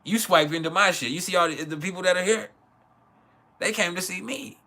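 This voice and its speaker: A man from West Texas hosts a casual livestream, answering chat with blunt, profane opinions. His voice sits high and sounds pushed and bright, and he talks a little fast.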